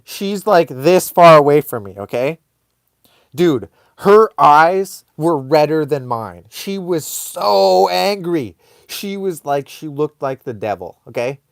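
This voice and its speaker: Slow-talking man telling a rambling story. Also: a little high, creaky, dry recording, studio quality. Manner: rambling, animated, many fillers and laughs. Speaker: host of a live online show. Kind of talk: casual comic storytelling.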